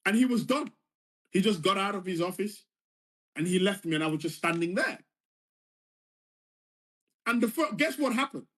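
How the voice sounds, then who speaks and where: A man tells a personal story in an earnest, vivid way, circling back to repeat key phrases. His voice sits fairly high for a man. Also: expressive, moderate pace, pauses often, fairly bright tone. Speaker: former foreign service official telling his story.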